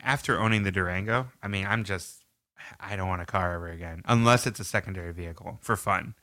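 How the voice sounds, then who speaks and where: A man's voice: low-pitched, quick pace, pushed and bright. A man co-hosting a podcast in casual chat, playful and sometimes mock-formal. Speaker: podcast co-host.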